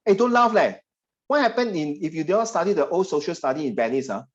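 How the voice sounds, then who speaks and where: A man's voice: on the high side, expressive, fast. Man, Singaporean English accent, chatty, teasing, tutor on a video call, dull lo-fi sound. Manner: chatty, teasing, puts on voices of parents and students. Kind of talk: online class teaching.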